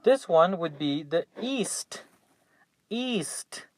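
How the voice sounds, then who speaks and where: A man's voice: fairly high pitch, measured pace, no room sound. A young man teaching English vocabulary, patiently repeating each word three times for students. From Mexico. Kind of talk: classroom vocabulary drill.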